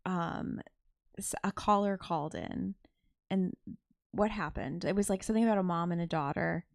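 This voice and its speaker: A woman with a lowish, gravelly voice chatting casually as a podcast co-host. She is blunt and wry and swears without hesitation. The sound is dry and close. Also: normal speed, dry recording. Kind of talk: casual chat.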